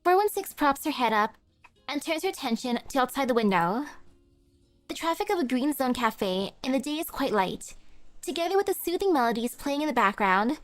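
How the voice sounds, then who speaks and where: A woman's voice: sits high, animated, normal speed, no echo, soft background music. A woman streamer narrating a game story aloud, with small slips and chatty asides.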